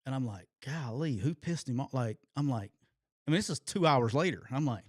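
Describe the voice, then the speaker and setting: A man spins a coaching story in easy podcast chat, jumping into loud impressions of the people he quotes and laughing along the way. His voice sits in a middle register. It is recorded close and dry, with no room sound. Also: medium pitch, fairly quick, dry recording. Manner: animated storyteller, acts out quotes loudly, laughs often. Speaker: podcast co-host, former football coach.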